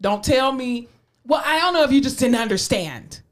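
A woman's voice: high voice, lively intonation, normal speed. A woman with a South Florida accent co-hosting a podcast, talking in a sassy, emphatic way with a slight drawl. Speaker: podcast co-host. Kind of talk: casual chat.

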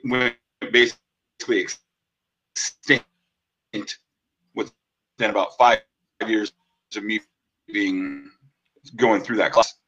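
A man chats on a podcast, slipping into quick impressions of his friends as he tells a story. His voice is bright and forward. The recording sounds slightly dull and lo-fi. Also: medium pitch. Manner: animated, acts out quotes with many fillers. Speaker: podcast co-host. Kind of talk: casual chat, storytelling.

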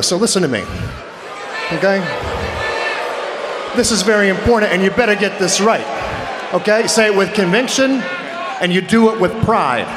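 Bossy high-voiced man in a loud arena. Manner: bossy, mocking, repeatedly cutting in. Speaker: wrestler cutting a promo. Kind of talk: live in-ring wrestling promo. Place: large indoor arena. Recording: echoey arena with loud crowd. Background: live crowd noise.

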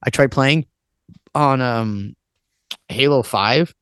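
Slow and clean-toned, this man in his thirties rambles through memories as a guest in casual podcast chat, swearing often and saying "like" a lot. His voice is medium-pitched and fairly bright. The recording is close and dry, with no room sound.

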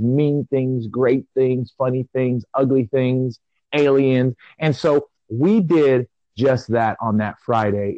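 A man's voice: mid-range voice, a little mellow, no room sound. Rambling man in his forties, muffled audio. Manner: reflective and rambling, with drawn-out pauses. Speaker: podcast co-host. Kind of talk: casual chat. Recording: dull lo-fi audio.

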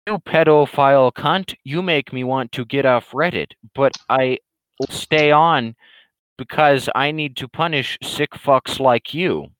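A man voicing a belligerent, loudmouthed male internet troll in a higher, louder, slow and drawn-out ranting voice. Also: clean tone, no echo, natural voice, poor audio. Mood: mocking rant. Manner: ranting, insulting, drawn-out emphatic delivery.

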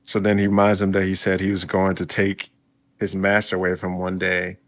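A man's voice: sits low, monotone, fairly quick. A man casually recapping a story for his viewers, chatty and laid-back, breaking in with reactions. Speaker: video host recapping a story.

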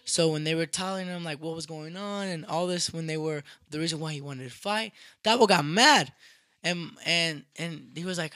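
A young man casually telling a rowdy story, profane and animated, acting out what people said. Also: on the high side, moderate pace, no echo. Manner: animated, profane, acts out quotes loudly.

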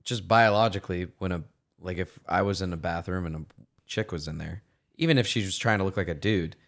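A man's voice: low-pitched, brisk, a bit bright. A man co-hosting a podcast, talking in rambling, slangy casual chat. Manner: slangy, rambling, full of "like" fillers. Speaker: podcast co-host. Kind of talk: casual crude banter.

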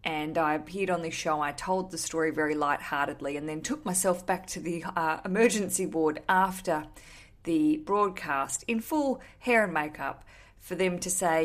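A woman's voice: low voice, moderate pace. A woman in her thirties hosting a wedding podcast, chatting casually and candidly with self-mocking humour and some swearing. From Australia. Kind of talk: casual solo podcast chat.

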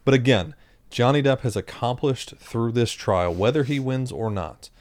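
A man's voice: mid-range voice, expressive, darkish tone, dry recording. A man co-hosting a casual chat show, joking and trading quips with his co-host. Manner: joking, quick to put on silly voices.

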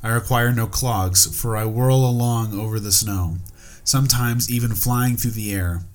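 A man's voice: mid-range voice, steady tone, a little slow, soft background music, natural voice. A man voicing a young female snow spirit in a ghost story he reads aloud. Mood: calm.

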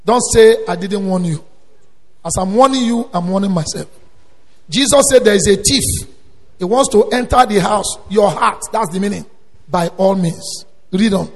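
A male preacher delivering a sermon, swinging between quiet storytelling and loud emphatic exhortation. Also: high-pitched, normal speed, vocal fry. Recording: long hall reverb.

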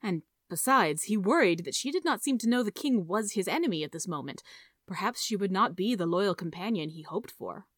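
A woman reading a story aloud in a steady, measured narration. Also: medium pitch, no echo, clean studio sound. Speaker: audiobook reader.

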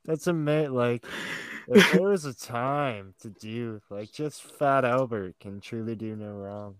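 A man's voice: medium pitch, a little slow, clean tone, dry recording. A man co-hosting a comedy podcast, chatting casually, laughing often and swearing as he tells stories. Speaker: podcast co-host.

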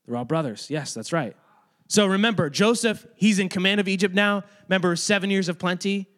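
A man's voice: sits high, a little fast, a bit bright. A man giving a casual, chatty Bible lesson to a room of kids, talking to them directly. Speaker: youth or kids' ministry teacher. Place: room with children.

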